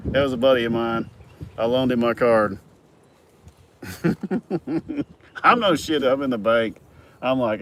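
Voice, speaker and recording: A middle-aged man spins a loose, profane yarn, rambling and chuckling through it at an ordinary pitch. He is recorded outdoors at a work site, with vehicles and traffic clearly audible behind him. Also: measured pace, pauses often. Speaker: farm worker telling stories. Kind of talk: casual storytelling. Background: vehicle and outdoor noise.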